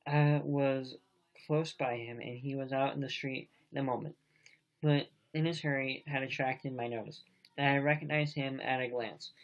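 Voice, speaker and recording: A man reads a novel aloud for a home-made audiobook. His voice sits at an ordinary middle pitch, and the delivery is plain, now and then stumbling over a word. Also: fairly even intonation, moderate pace, lo-fi sound. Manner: plain, occasionally stumbling reading. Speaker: amateur audiobook reader.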